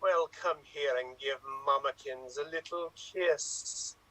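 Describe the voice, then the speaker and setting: Man doing a villainous cat lady, slow and purring, bright high tone, dry close sound. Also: no echo, rough recording. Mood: purring menace. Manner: slow, purring, grandly menacing. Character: theatrical villainous woman doting on her cat.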